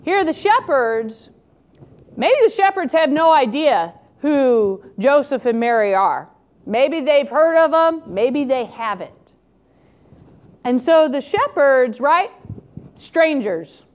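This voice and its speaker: Woman preacher, high voice, casual sermon with rhetorical asides. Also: slow. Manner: conversational, asks rhetorical questions, animated when quoting. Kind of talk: scripture reading and reflective sermon.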